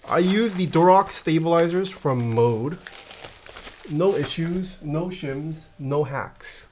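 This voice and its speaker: A man's voice: a little high, slow pace, darkish tone, slight background noise. A man chatting casually on a live stream, thinking aloud while he builds and reading viewer questions back before he answers them.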